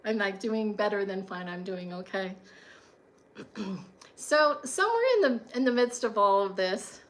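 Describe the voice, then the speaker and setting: A woman's voice: mid-range voice, animated, unhurried. A woman telling a personal story in a chatty monologue, full of fillers and frequent laughs.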